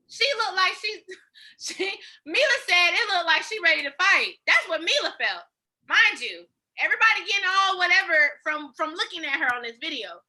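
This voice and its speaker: A woman's voice: extremely high pitch, moderate pace. A woman co-hosting a podcast in casual, slangy chat, often acting out what others said. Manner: animated, slangy, acts out quotes. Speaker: podcast co-host.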